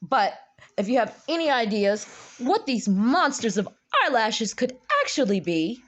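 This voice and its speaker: A young woman telling a story in a casual vlog, animated, jumping up high for quoted lines, recorded on a phone. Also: unhurried. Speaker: vlogger. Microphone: phone camera.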